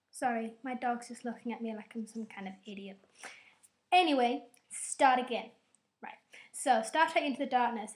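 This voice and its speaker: At home, a young woman reviewing videos recaps a film's plot in a loose, conversational ramble. Her voice runs slightly high, and she keeps dropping sarcastic, self-mocking asides.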